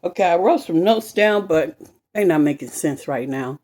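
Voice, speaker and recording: A woman telling a personal story to camera in an animated, emphatic way, swearing freely and repeating herself. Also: on the low side, normal speed. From west side of Chicago. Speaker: vlogger.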